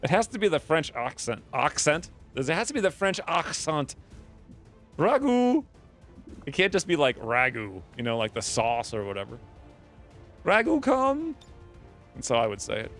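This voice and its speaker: A man's voice: mid-range voice, brisk, hardly any pauses, fairly bright tone, soft background music. A man giving casual live commentary on a strategy game, chatty and thinking aloud, often laughing. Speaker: game streamer.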